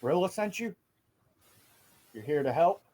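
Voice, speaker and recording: A man voicing a gruff male dwarf leader in plate armor during a tabletop game. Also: on the high side, expressive, unhurried, warm tone, voice pushed up. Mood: surprised.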